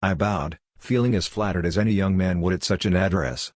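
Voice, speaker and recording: A man reading a classic story aloud as a first-person audiobook narration, in a measured way. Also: deep voice, darkish tone, no room sound, studio quality. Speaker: audiobook reader.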